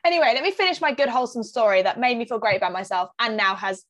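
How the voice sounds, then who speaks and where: A woman's voice: fairly high pitch, very fast. Young woman telling a story. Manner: lively anecdotes, acts out quotes, many "like" fillers. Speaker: podcast co-host. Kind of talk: casual chat, storytelling.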